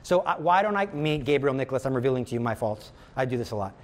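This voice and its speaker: A man's voice: medium pitch, lively intonation, quick pace. A man teaching a prayer class in an earnest, emphatic way, repeating key words for stress. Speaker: religious teacher.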